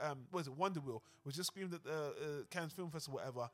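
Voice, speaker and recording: A man co-hosting a casual podcast discussion, animated and heated, swearing freely. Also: a little high, quick pace, hardly any pauses, faint music behind. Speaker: podcast co-host.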